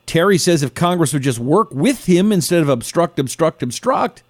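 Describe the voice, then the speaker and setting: A man's voice: a little high, expressive, moderate pace, no echo, clean studio sound. A man hosting a live talk show, chatty and sarcastic, reading out listener names between opinions. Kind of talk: casual live call-in talk.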